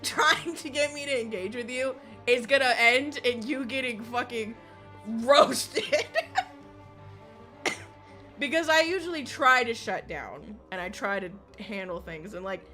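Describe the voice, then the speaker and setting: A woman's voice: a little high, unhurried, bright, forceful tone, faint music behind. A woman streamer chatting casually while gaming, swearing constantly and laughing often as she rants. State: recovering from illness.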